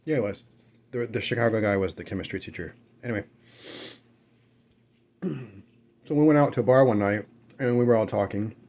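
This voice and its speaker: A man's voice: lowish voice, brisk, pauses often, darkish tone. A man chatting casually while eating on camera at home, rambling through stories with fillers and self-corrections. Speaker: mukbang vlogger. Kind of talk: casual eating chat and storytelling. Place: at home with dogs nearby.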